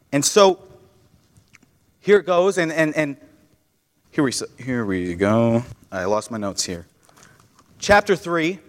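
Earnest young preacher in a reverberant church. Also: male voice, a little high. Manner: earnest, repeats words and restarts often. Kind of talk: sermon with personal story. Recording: long reverb of a church hall.

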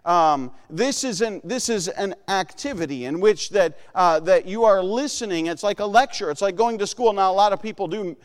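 A man's voice: sits high, moderate pace, hardly any pauses, smooth. A man preaching a sermon in an earnest way, often acting out the voices he quotes. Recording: long hall reverb.

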